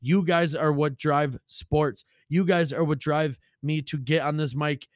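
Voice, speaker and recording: A man hosting a casual sports podcast, chatty and loose, with the odd swear word. His voice is a little higher than most men's and sounds dry and close. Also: steady tone, unhurried, no echo.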